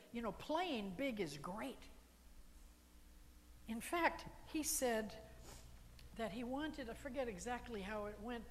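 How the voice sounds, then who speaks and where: A middle-aged woman minister preaching energetically, coaxing her congregation to join in. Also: on the high side. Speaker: guest minister. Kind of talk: sermon. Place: church hall. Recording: hall reverb with faint room noise.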